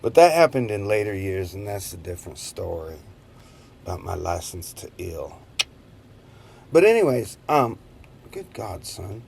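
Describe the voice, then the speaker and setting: Slow-talking guy in his 50s, rambling story, voice bounces up and down, chuckles a lot. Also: deep voice, very animated, creaky, a little mellow, slight background noise. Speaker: vlogger. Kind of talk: casual storytelling.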